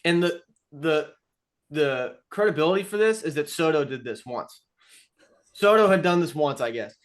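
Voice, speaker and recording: A young man with a slightly raised pitch chats casually on a podcast. He tells baseball stories in an animated way and acts out what other people said. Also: moderate pace. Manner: animated storytelling with acted-out quotes. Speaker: podcast co-host. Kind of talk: casual chat.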